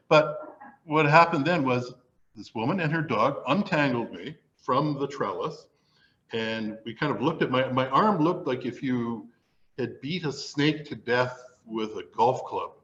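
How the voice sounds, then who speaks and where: A man's voice: medium pitch, a bit bright, muffled recording. A man telling a self-mocking comic story to a live audience, acting it out as he goes.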